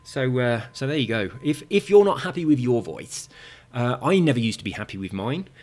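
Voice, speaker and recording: A man's voice: medium pitch, sing-song, brisk, a little mellow. Gaming video host, man, slight lisp, chatty, tangent-prone delivery. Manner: chatty, tangent-prone, many fillers and restarts. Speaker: gaming video creator reading viewer comments. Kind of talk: casual rambling commentary.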